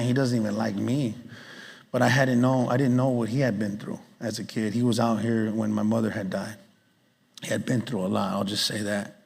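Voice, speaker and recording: A man's voice: medium pitch, long reverb tail. A man on a festival panel, telling an earnest personal story in casual street-inflected speech. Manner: earnest, candid, street slang. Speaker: panelist, nonprofit executive. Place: large hall.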